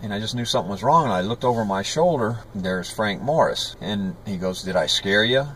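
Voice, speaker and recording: Man in his 60s, lowish pitch, rambling storyteller, outdoor street, faint traffic noise. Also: animated, a little fast, a bit bright, rough recording. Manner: rambling, conversational, pointing out places as he goes. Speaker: YouTube vlogger. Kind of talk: walking tour with personal storytelling.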